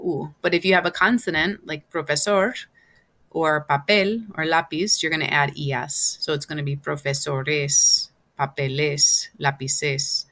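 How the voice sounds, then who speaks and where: A woman teaching a Spanish class, explaining step by step with many pauses and fillers. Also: low-pitched, fairly bright tone. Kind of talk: online class lesson.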